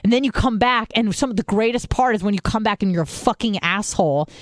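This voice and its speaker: A young American woman from San Diego hosts a podcast, talking fast at a medium pitch in clean, studio-quality sound with no room echo. She tells stories in casual chat, swears a lot, and mimics other people's voices.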